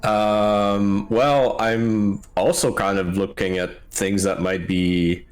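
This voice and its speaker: A man playing a tabletop game, speaking in a halting, hesitant way with many fillers. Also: lowish voice, flat delivery. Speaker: player. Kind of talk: casual tabletop role-play.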